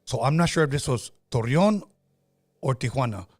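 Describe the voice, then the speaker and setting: A man's voice: mid-range voice, lively intonation, moderate pace, no room sound. Male podcast host, rambling casual storyteller, dry mic. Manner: rambling, many restarts.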